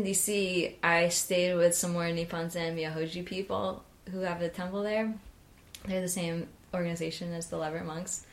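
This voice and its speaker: A young woman talking in a loose, chatty way, full of "like" and trailing restarts. Her voice sits a little low, but it leaps up when she acts out her own excited reactions. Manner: chatty, animated, many "like" fillers, jumps high acting out her own reactions. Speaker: interview guest. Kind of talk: casual storytelling.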